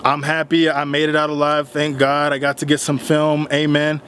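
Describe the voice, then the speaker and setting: Animated young man telling a story. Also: a little high, moderate pace, slight background noise. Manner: animated, retells arguments with rising heat. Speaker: vlogger. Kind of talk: casual storytelling vlog.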